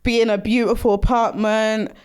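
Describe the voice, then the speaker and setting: A woman's voice: fairly high pitch, flat delivery, moderate pace, a little mellow, clear, resonant tone. A woman talks things over in a casual podcast chat. She rambles a little, thinks aloud and laughs easily. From London. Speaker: podcast co-host.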